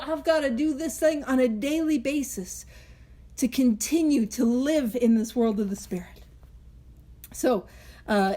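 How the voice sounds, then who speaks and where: Woman host, high bright voice, chatty and animated, laughs between points, leads a book study. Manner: animated, chatty, laughs often, self-interrupting asides. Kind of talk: casual teaching chat.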